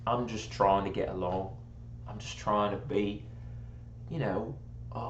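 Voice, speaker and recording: An American man talks loosely and at length, full of fillers and restarts, and keeps poking fun at himself for sounding posh and British. His voice sits a little low, and the room around him rings with echo. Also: expressive, measured pace, lo-fi sound, slight background noise. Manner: rambling, self-mocking, joking about slipping into a posh British accent. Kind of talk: casual chat. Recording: echoey room.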